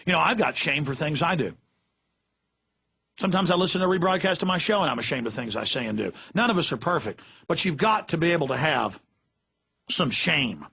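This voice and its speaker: A man's voice: fairly high pitch, animated, brisk, creaky, sharp tone, husky. A middle-aged man hosting political talk radio, ranting in a fiery, emphatic way. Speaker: radio talk show host.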